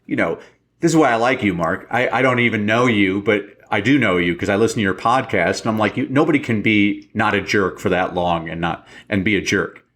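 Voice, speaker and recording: Lowish-voiced storytelling guest man. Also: brisk. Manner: animated storyteller, acts out quotes. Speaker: podcast guest, speaker. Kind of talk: casual interview chat.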